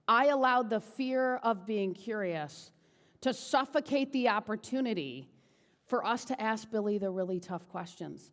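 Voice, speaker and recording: A woman giving a motivational keynote speech, telling a personal story in a chatty, animated way and often asking the audience "right?". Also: a little high, a little slow, big-room sound. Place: large event hall.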